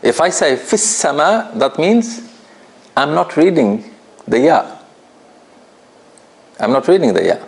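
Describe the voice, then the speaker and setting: A man's voice: a little high, very animated, a little slow, gravelly, pauses often, a little mellow. A man teaching a tajweed class in an office, patient and laughing often as he asks the students questions. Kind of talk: classroom lesson.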